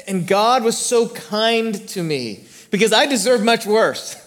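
A middle-aged pastor preaching in a church sanctuary, with a high, light voice. He talks earnestly, builds to emphatic peaks and then drops to slow, hushed lines. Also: animated. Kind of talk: sermon.

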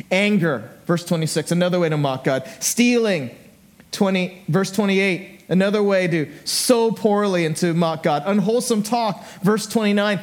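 A middle-aged man preaches in a church with a voice pitched high for a man. He tells stories with playful asides and briefly acts out the people in them. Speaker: pastor. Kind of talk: sermon. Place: church sanctuary.

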